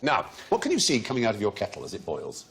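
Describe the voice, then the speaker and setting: A man's voice: on the low side, fast talker, a little hiss or hum. A middle-aged man hosting a comedy quiz show, explaining odd facts with relish and laughing often. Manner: lively, erudite, laughing often. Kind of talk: witty panel-show hosting.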